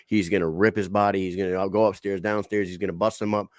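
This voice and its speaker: Male co-host, lowish voice, dry close mic, keen and profane storyteller. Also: flat delivery, fast talker, dry recording. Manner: enthusiastic, swearing, retells with quotes. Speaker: podcast co-host. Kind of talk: casual chat.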